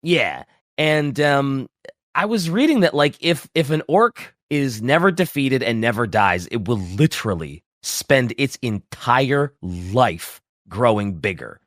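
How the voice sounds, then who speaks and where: Animated, rambling male podcast host. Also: mid-range voice, slow, no echo, clean studio sound. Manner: animated, rambling, with many fillers. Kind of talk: casual chat.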